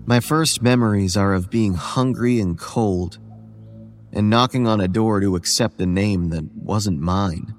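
Soft music accompanies a man telling a horror tale as a tired homeless boy of about eleven in appearance, speaking in the first person. He keeps it quiet, measured and weary, with a natural voice on the low side.

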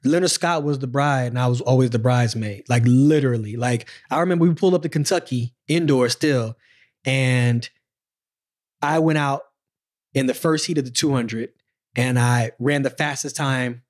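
A man in his forties, a former sprinter, telling his story in a casual podcast chat, slangy and animated, acting out the moments. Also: mid-range voice, moderate pace.

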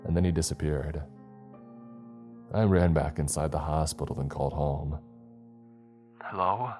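A male narrator reads a first-person horror story with a very deep, dark voice. His delivery is steady and measured. Faint music plays underneath.

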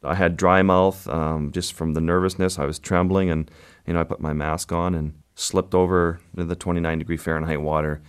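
A man, a photographer guest, telling his story in an interview in a halting, vivid way with pauses and fillers. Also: low voice, little pitch movement, clean tone.

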